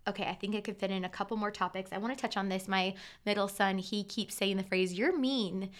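A woman's voice: medium pitch, level tone, fast, fairly bright tone. A woman in her thirties hosting a solo podcast, talking in a casual, conversational way with many filler words. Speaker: podcast host.

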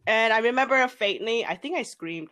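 A woman's voice: on the high side, lively intonation, normal speed, fairly bright tone. A young woman chatting casually among friends, laughing often as she talks. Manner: giggly, breaks into frequent laughter.

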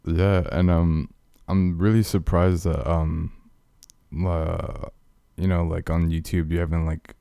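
A man's voice: sits low, gravelly, warm tone, clean tone, no room sound, clean studio sound. A man who is a guest on a podcast, speaking hesitantly with many fillers. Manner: hesitant, full of fillers, complimentary. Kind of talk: casual chat.

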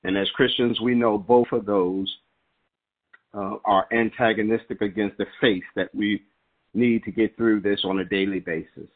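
A man's voice: fairly low pitch, steady tone, moderate pace. Earnest preaching man over a phone line. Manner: earnest, emphatic preaching cadence. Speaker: prayer call leader. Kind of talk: prayer-line devotional and scripture recitation. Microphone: phone call.

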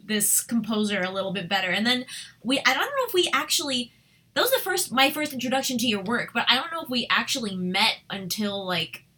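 A woman's voice: on the high side, animated, brisk, bright, forceful tone, slightly rough. A woman guest in her thirties, an actress and singer, chatting animatedly with many "like"s. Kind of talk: casual chat. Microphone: budget desktop USB microphone.

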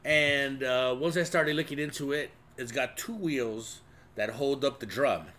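A man's voice: mid-range voice, a little slow. A middle-aged man telling a rambling, profane story in casual chat, with lots of "dude.". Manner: profane, rambling, animated storyteller who keeps saying "dude".

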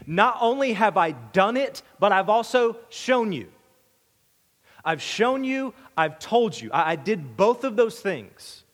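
Man, high voice, conversational sermon, repeats himself, long reverb. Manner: conversational, asks rhetorical questions, repeats and restarts words; voices the crowd's demand in a higher, louder tone. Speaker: preacher. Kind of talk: expository sermon.

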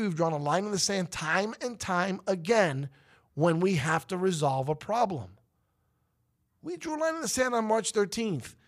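A man hosting a talk show, delivering an emphatic, preachy opinion monologue that rises to outbursts. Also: sits high. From United States.

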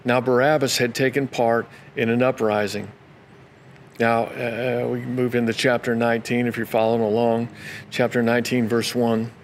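A pastor reading scripture aloud for a daily devotional, now and then breaking off into brief casual comments before carrying on. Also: male voice, medium pitch, flat delivery, normal speed, slight background noise.

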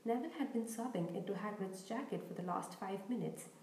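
A woman's voice: medium pitch, fairly quick, echoey room, slight background noise, rough recording. A woman narrating a children's novel aloud as host of a reading podcast. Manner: steady storytelling reading. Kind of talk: audiobook narration.

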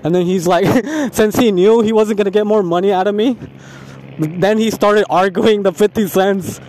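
A man tells a heated story outdoors, cursing freely as he rants. His voice sits a little high, and faint city traffic hums behind him. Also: moderate pace. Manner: heavy profanity, animated ranting with laughs. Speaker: vlogger. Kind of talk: casual ranting storytime.

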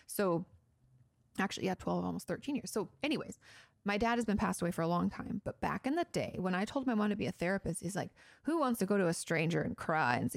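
Woman therapist, casual advice talk, gravelly fry, dry close sound. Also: on the low side, no echo. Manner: chatty and explanatory, many fillers like "you know". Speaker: therapist answering viewer questions.

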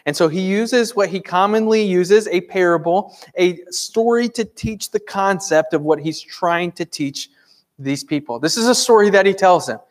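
A man's voice: high-pitched, normal speed. A man in his thirties, a pastor preaching a conversational sermon in a church, earnest and full of rhetorical questions. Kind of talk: sermon with prayer.

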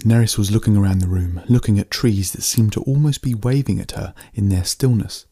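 Guy reading a story out loud, low and husky, kinda dark mellow sound. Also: fairly quick. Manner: steady, plain narration. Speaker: narrator.

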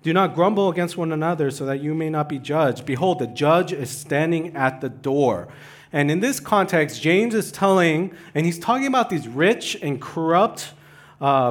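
Pastor preaching, loud then hushed. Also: male voice, a little high, expressive, moderate pace. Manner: swings from loud urgent pleading to hushed near-whispered asides. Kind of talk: sermon.

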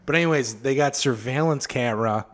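A young man on a podcast, talking in a relaxed, rambling way. He swears freely and fills his sentences with "like" and "um". His voice sits in the middle range for a man. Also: mid-range voice, fairly quick. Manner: loose and profane, full of fillers, acts out quotes. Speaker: podcast co-host. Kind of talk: casual chat.

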